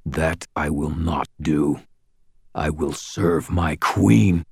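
A man voicing a huge, gruff fae giant who speaks in formal archaic words and growls. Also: rumbling low, takes it slowly, a little mellow, no room sound, clean studio sound, exaggerated voice. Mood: menacing formal.

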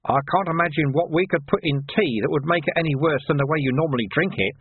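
A man voicing a calm, cheerful, thin old male monk with a gently teasing manner. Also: fairly high pitch, fast talker, slightly rough, no room sound, pitched above the performer's own voice. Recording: tinny phone-like sound.

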